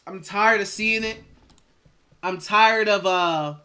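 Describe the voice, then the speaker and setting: A man's voice: sits high, takes it slowly, long pauses, sharp tone, clean tone. A man hosting a live sports stream, ranting in exasperation and repeating phrases for emphasis. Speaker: sports livestream host.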